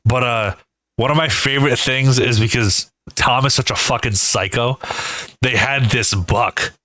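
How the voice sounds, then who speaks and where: A man co-hosting a casual comedy podcast, telling stories in an animated way with lots of swearing and acted-out screams. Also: mid-range voice, unhurried, no room sound, poor audio. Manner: animated storyteller, heavy swearing, acts out screams. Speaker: podcast co-host.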